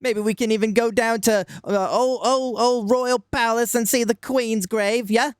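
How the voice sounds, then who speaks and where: A chummy, old-fashioned cockney chap, put on by a male streamer in an exaggerated mock-British accent. He is pitched well above his own voice and sounds jolly and neighbourly. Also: fairly even intonation, measured pace, clean tone, no echo, clean studio sound.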